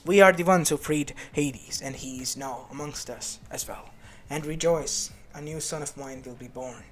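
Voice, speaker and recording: A man's voice: medium pitch, moderate pace, fairly bright tone, slight background noise, close to an everyday voice. A man voicing a dry queen goddess. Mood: reassuring. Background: faint lofi music.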